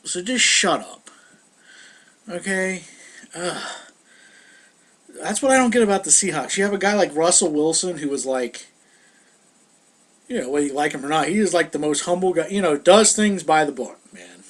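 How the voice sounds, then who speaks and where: A man's voice: a little high, normal speed, long pauses, fairly bright tone. A young man ranting in a casual, heated vlog monologue, sounding exasperated. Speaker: vlogger.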